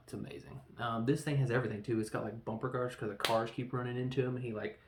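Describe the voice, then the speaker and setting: A man hosting a casual film review podcast, rambling through the plot and briefly acting out characters in quick voices. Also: mid-range voice, fairly even intonation, echoey room, a little hiss or hum. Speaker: podcast host reviewing films.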